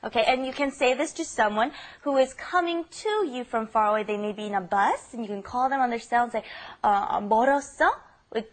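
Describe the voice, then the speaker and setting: A woman's voice: on the high side, fast. A woman teaching a language lesson, explaining phrases patiently and checking in with "okay?". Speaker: Korean teacher co-hosting a lesson podcast.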